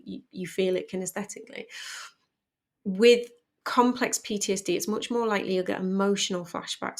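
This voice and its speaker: A middle-aged woman speaking candidly and emotionally as a podcast guest about parenting. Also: mid-range voice. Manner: candid, emotional, animated storytelling. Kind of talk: personal conversation.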